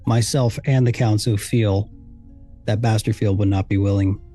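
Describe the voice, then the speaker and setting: A man voicing a grave older male military commander who speaks in a measured, solemn way. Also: lowish voice, steady tone, mellow, faint music behind, natural voice.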